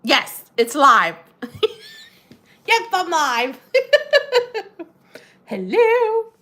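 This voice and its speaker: A woman hosts a casual livestream from home, chatting loosely with her viewers. She laughs often and her voice jumps up brightly when she greets someone by name. Her delivery is relaxed and conversational. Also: high voice, extremely slow. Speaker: livestream host. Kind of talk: casual livestream chat reading comments. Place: home in New Jersey.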